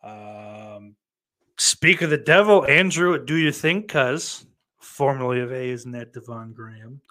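A man's voice: mid-range voice, unhurried, pushed and bright. A man hosting a livestream, reading chat comments aloud and rambling in a profane, self-deprecating way.

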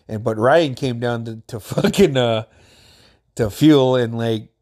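A man's voice: mid-range voice, a little slow, a little mellow. A man casually telling a rambling personal story, laughing often and swearing a lot.

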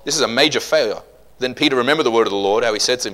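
A man preaching a sermon, telling stories with humor and swinging from loud outbursts to hushed asides. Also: medium pitch, racing.

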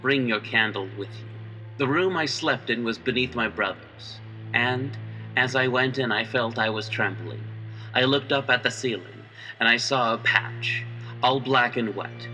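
Bright-voiced man reading a horror story. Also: medium pitch, distant mic, poor audio. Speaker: reader.

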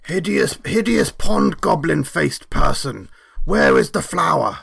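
A man voicing a big blue brute who trades crude insults in a slow drawl. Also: medium pitch, animated, gravelly, sharp tone, exaggerated voice. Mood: insulting.

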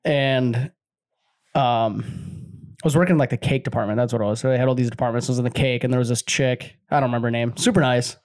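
Young man, casual chat, rambling anecdote, mid-pitched voice. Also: steady tone, fast talker, a little mellow.

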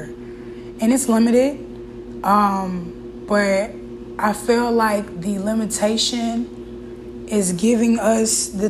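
A woman with a mid-range voice hosts her own podcast, speaking frankly and emotionally about her life. Her casual talk has frequent fillers and restarts, and there's background noise.

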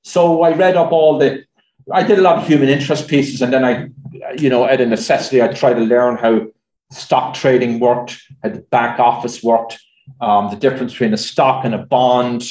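A man's voice: mid-range voice, fairly even intonation, moderate pace, darkish tone. Irish guy rambling through q&a stories, lots of ums, roomy sound. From Ireland. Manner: chatty, anecdotal, many fillers and restarts. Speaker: journalist and speaker. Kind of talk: audience Q&A at a talk. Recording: roomy echo.

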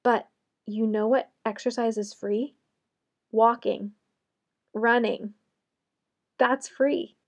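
A woman's voice: fairly high pitch, fairly even intonation, slow, pauses often. A young adult woman giving a motivational solo talk, conversational with sarcastic asides and light laughs.

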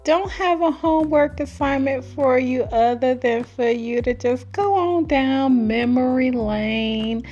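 A woman casually telling a personal story in her own series, chatty and colloquial, breaking into high giggles. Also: unhurried, few pauses, darkish tone, muffled recording, faint music behind. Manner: laughs often, with high giggles while telling stories; chatty and colloquial, with many fillers.

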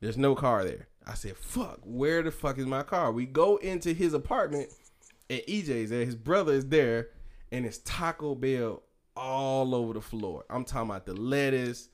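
A man spins a wild night-out story for his podcast co-hosts, laughing through it and acting out what everyone said. His talk is loose, profane and animated, the easy back-and-forth of friends around a table. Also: medium pitch, moderate pace. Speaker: podcast co-host. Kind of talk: casual storytelling among friends.

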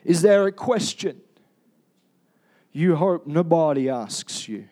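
Male preacher, high voice, emphatic and confessional, piles up rhetorical questions. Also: animated, takes it slowly, dark tone. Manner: confessional storytelling. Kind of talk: sermon.

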